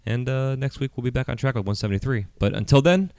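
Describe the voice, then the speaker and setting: A man's voice: medium pitch, quick pace, gravelly, a little mellow, clean tone, no echo, clean studio sound. A middle-aged man hosting a podcast on a handheld mic. He talks in a rambling, casual way, full of fillers and swearing. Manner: rambling, profane, heavy with fillers. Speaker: podcast host.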